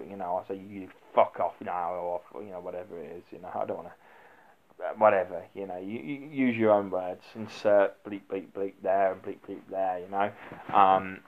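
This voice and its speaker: A man's voice: low voice, phone-quality sound. A middle-aged former doorman giving blunt, rambling advice in a casual vlog, full of fillers and restarts. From United Kingdom.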